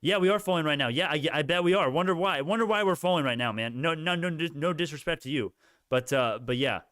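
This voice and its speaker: A man's voice: fairly high pitch, fast talker, fairly bright tone, clean tone, dry recording, studio quality. A young man hosting a casual stock livestream, ranting heatedly at his chat with many restarts.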